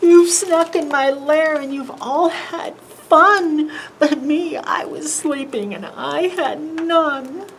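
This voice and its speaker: A woman voicing a grumpy, blubbering male bear in a picture-book read-aloud, loud and complaining. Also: high-pitched, slow pace, slight background noise, pitched above the performer's own voice.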